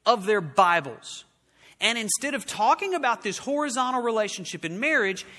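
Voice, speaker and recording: A man preaches in a high, ringing voice, pushing the congregation with rhetorical questions. He swings between urgent, louder lines and quiet, hushed ones. His voice carries a long reverb from a large hall. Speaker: pastor. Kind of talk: sermon.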